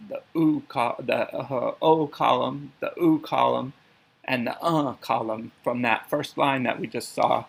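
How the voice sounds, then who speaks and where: A man's voice: medium pitch, gravelly, a bit bright, low-quality recording. A man giving a methodical language lesson, pronouncing syllables one by one. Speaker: language teacher. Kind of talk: instructional lecture.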